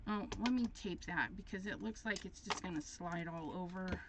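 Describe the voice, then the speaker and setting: A woman's voice: fairly low pitch, moderate pace, background noise. A middle-aged woman hosting a crafting livestream, chatting casually and chipperly as she works and tells stories. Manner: chatty, chipper storyteller reading viewer comments. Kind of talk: casual chat while crafting.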